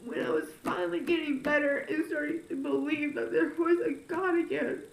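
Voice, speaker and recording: A young woman with a stuffy nose, talking tearfully and haltingly in a personal confessional vlog. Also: high voice, steady tone, vocal fry, reverberant, distant mic, a little hiss or hum, low-quality recording. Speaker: vlogger.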